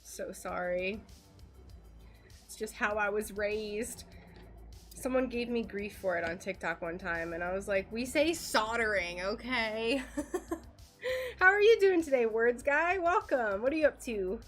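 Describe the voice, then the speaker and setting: A woman's voice: medium pitch, sing-song, a little slow, long pauses, fairly bright tone, soft background music. A woman with an American accent chatting casually to viewers while doing stained glass on a livestream, giggly and full of fillers.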